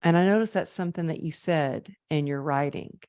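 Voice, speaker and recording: A woman guest on a podcast, telling personal stories in a lively conversational way. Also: sits low, fairly quick, no room sound, clean studio sound. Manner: lively, acts out quoted voices. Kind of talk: conversational storytelling.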